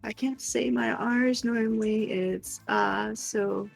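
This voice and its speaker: A woman with an Indiana Hoosier twang chats as co-host, often giggling between phrases. Her voice has a gravelly fry, and it sounds dry and close with faint music behind. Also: fairly high pitch, steady tone, takes it slowly, dry recording, low-quality recording. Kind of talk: casual chat.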